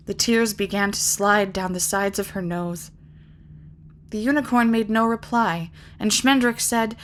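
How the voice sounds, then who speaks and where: Measured woman narrating a fantasy story. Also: mid-range voice, slight background noise. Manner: measured, lyrical reading. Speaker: reader. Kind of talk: audiobook narration.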